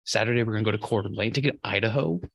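A man's voice: fairly low pitch, rapid-fire, vocal fry, fairly bright tone, husky, no room sound. A young man co-hosting a podcast, joking and teasing his friend with casual, profane banter. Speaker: podcast co-host.

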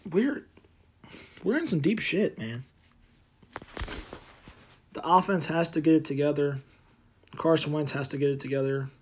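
Man ranting angrily about his team. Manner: angry, profane, swings from loud outbursts to low muttering. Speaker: sports podcast host. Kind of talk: solo sports rant.

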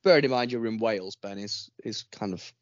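A man's voice: lowish voice, a little fast, no echo. A man with a Northern English accent co-hosting a podcast, teasing the others with dry banter in casual chat. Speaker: podcast co-host. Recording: dull lo-fi sound.

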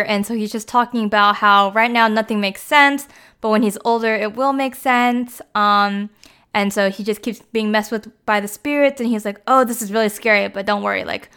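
A woman's voice: mid-range voice, bright, forceful tone, clean tone. A young woman casually retelling a film's plot in a chatty, filler-heavy way, acting out the characters' lines as she goes. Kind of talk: casual film recap.

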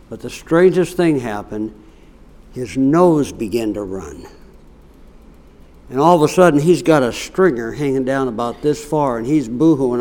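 Delivering a sermon full of stories, a middle-aged preacher shifts from hushed asides to loud, elevated stretches. His voice is medium in pitch.

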